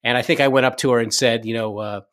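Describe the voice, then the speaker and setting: Storytelling man, animated. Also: mid-range voice, fast talker. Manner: animated anecdote-telling, acts out quoted lines; frequent fillers and self-restarts. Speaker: TV director. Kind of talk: casual interview storytelling.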